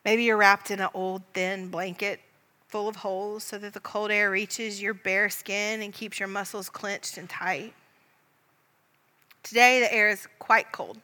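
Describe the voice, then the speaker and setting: Calm woman leading a guided prayer. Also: medium pitch, measured pace, in a large hall. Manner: gentle, calm, speaks to the listener as "you". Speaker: prayer leader. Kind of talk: guided Christian imaginative prayer meditation.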